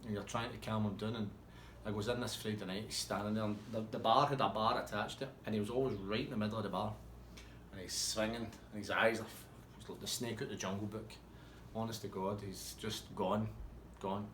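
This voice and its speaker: A man's voice: fairly low pitch, fairly even intonation, a little fast, a bit bright, echoey room, slight background noise. A man telling a rambling, swear-heavy anecdote in a casual way. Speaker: storyteller.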